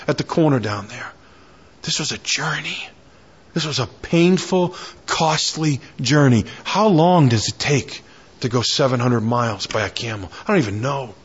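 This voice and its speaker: A man's voice: mid-range voice, lively intonation, measured pace, husky, lo-fi sound. A man preaching a sermon, building in fervor through repeated lines and prayers. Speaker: pastor.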